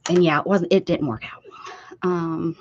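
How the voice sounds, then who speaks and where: A woman's voice: fairly low pitch, steady tone, moderate pace, a little mellow, a little hiss or hum. An older woman hosting a casual craft livestream from her desk at home, chatting loosely and answering viewers as she works. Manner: chatty, reads chat aloud and answers viewers. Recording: slightly dull lo-fi stream audio.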